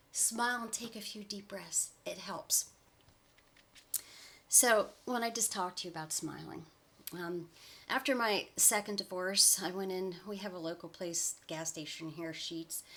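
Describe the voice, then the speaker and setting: A woman in her forties, a life coach giving upbeat, encouraging advice in a chatty vlog with frequent laughs. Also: mid-range voice. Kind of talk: motivational vlog talk.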